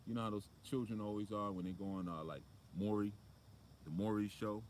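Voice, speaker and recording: A man with a low voice gives a casual spiritual talk outdoors. He preaches in a loose, conversational way, full of fillers and asides, with faint outdoor ambience around him. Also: a little fast, a little mellow, a little hiss or hum. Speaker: spiritual motivational speaker.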